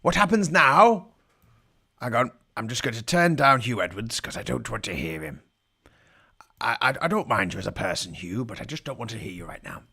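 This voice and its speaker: A man's voice: fairly low pitch, big pitch swings, brisk, vocal fry, pushed and bright, husky. A man giving irreverent live commentary in a mock pirate voice, dropping growling asides between jokes. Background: faint music from the broadcast feed.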